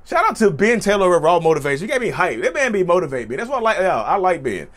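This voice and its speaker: Animated, high-voiced man talking to viewers. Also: quick pace. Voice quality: voice sometimes cracks high. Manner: animated, repeats phrases, addresses viewers as y'all. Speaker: YouTube channel host. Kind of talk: casual monologue to camera.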